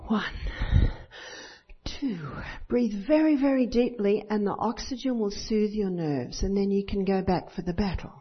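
A woman's voice: mid-range voice, moderate pace, few pauses, slightly rough. A woman giving a teaching talk to an audience, acting out bits of dialogue and often asking listeners for agreement. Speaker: parenting teacher at a church talk. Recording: dull lo-fi recording.

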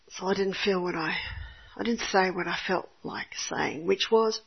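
An older woman with a husky voice tells a faith story in an earnest, expressive way. She speaks as a mother recalling her own homeschool days. The recording sounds a little muffled. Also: mid-range voice, normal speed. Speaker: homeschooling mother giving a talk.

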